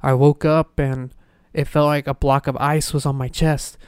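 Young man quoting his loud deaf old grandpa. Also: fairly high pitch, level tone, normal speed, clean tone, no room sound, clean studio sound, natural voice.

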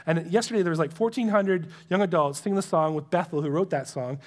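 A man's voice: fairly high pitch, fast talker. A man preaching a sermon in a conversational, earnest way, dropping to a near whisper to stress a point. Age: adult with young children. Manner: conversational and earnest, drops to a hush for emphasis. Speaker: pastor.

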